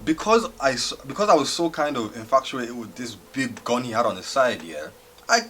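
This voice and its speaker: A young man telling a comic storytime story on his vlog, animated and laughing as he goes. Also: medium pitch, moderate pace. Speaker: vlogger.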